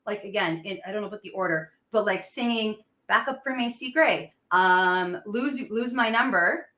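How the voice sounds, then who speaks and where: A woman in her thirties hosts a casual podcast chat, talking with the eager, laughing energy of a devoted fan. Her voice is bright and forward. The room around her is noticeably echoey. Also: medium pitch, moderate pace. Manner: excited, gushing fan with frequent laughs. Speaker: podcast host.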